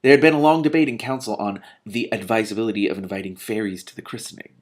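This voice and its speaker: A man's voice: lowish voice, fast talker. A man reading a storybook aloud, with enthusiastic asides in between. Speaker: reader and commentator. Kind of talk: read-aloud book narration with commentary.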